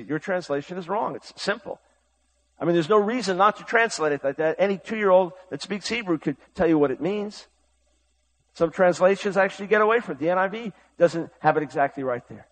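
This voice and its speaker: A male preacher with a slightly raised pitch delivers a fiery sermon. He pushes hard on his calls to action, then drops to a low, intimate tone for the Bible story. His voice carries the urgency of a revival pulpit. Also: moderate pace, rough recording. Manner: impassioned, urgent, swings between shouting and hushed tones.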